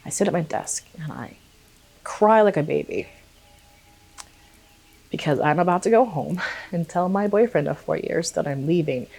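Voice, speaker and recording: Young woman rambling thru a personal story, kinda low voice, swears a lot, jumps up high when she quotes people. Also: moderate pace, vocal fry, pauses often. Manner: animated, swears freely, acts out quotes in a higher voice. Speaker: vlogger. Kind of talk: casual storytelling.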